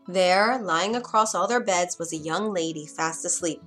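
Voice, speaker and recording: A woman reading a fairy tale aloud in an expressive, dramatic storybook manner. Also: on the low side, normal speed, few pauses, faint music behind.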